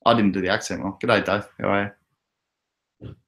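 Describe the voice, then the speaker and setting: Aussie guy chatting crypto on a livestream, low-ish voice, laughs a lot, reads out comments. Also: steady tone, normal speed, gravelly, a bit bright. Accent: Australian. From Australia. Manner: chatty, laughs often, talks to viewers by name. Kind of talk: casual live chat reading comments.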